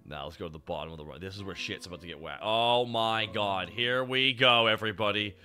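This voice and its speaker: A man streaming, chatting with his chat in an animated way, swearing and laughing often. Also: on the low side, brisk, faint music behind. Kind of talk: casual chat.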